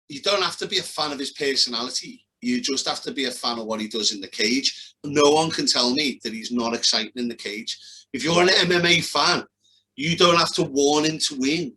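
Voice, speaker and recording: A man's voice: mid-range voice, bright, forceful tone, slightly rough, rough recording. A young man co-hosting a podcast, talking casually in blunt, sweary rants. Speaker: podcast co-host. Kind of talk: casual chat.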